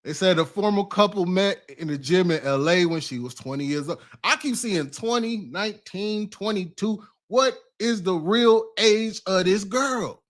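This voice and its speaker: A man's voice: high-pitched, lively intonation, a little slow, few pauses. A man giving casual reaction commentary, slangy, exclaiming and laughing as he reads out news.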